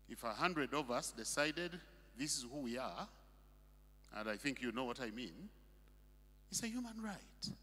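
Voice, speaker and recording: High, lively preaching man in an echoing hall. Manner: emphatic preaching with rhetorical questions. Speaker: pastor. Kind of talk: sermon. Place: church hall. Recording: long reverb of a hall.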